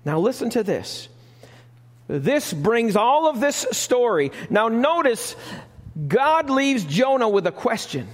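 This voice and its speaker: A man's voice: very high voice, big pitch swings, slow pace, big-room sound. A man preaching a sermon as pastor, emphatic, reading scripture and asking the congregation questions, recorded live in a church sanctuary.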